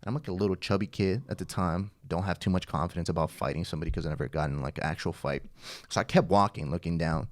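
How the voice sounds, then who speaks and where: A man, a podcast guest, telling an animated story in casual chat, swearing and laughing along the way. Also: low-pitched, quick pace.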